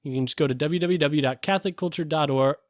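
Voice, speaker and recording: A man's voice: a little high, quick pace, no echo, clean studio sound. A man co-hosting a film review podcast in casual chat, hesitant with many fillers and restarts. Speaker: podcast co-host.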